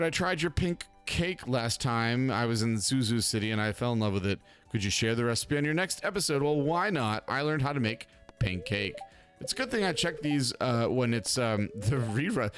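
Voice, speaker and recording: A man's voice: mid-range voice, a bit bright, clean tone. A man hosting a casual let's play, chatting in a rambling, talkative way and laughing often. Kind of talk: casual gameplay commentary.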